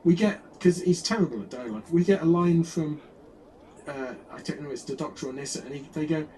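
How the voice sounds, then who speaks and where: Chatty man with a mellow voice. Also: on the high side, a little fast, slight background noise, rough recording. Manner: rambling, chatty, many restarts and wry asides. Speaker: podcast co-host. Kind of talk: casual chat reviewing an old TV episode.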